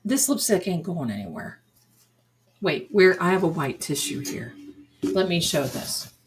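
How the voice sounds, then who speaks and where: A woman's voice: fairly low pitch, big pitch swings, unhurried, slight background noise. An older woman hosting a psychic livestream in casual, effusive chat, full of endearments like "my darling.". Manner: chatty and effusive, showering viewers with endearments. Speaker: psychic medium and livestream host.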